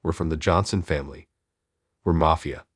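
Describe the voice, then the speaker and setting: A man's voice: very deep voice, normal speed, breathy edge, no echo, studio quality. A man voicing a group of rude young male thugs, taunting and insulting.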